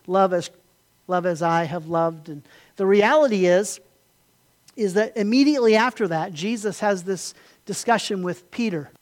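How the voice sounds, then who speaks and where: A man preaching a sermon, building to emphatic peaks and then dropping to quiet retelling. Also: high-pitched, moderate pace. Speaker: pastor.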